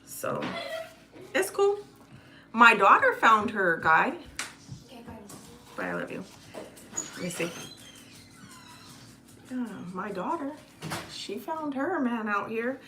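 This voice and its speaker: A woman's voice: a little high, very animated, measured pace, pauses often, sharp tone. A woman in her forties chatting casually to the camera while cooking in her home kitchen. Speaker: vlogger. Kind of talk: casual cooking vlog chat.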